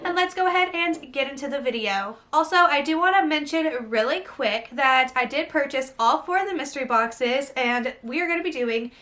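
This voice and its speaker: A young woman, gushing breathlessly through an excited unboxing vlog. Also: sits high, normal speed, hardly any pauses. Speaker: beauty vlogger.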